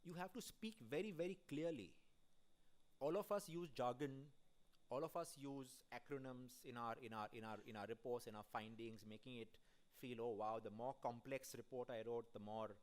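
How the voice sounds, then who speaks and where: A man's voice: medium pitch, normal speed. A man giving a conference keynote in a conversational way, putting questions straight to the audience in the hall. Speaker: keynote speaker at an audit conference.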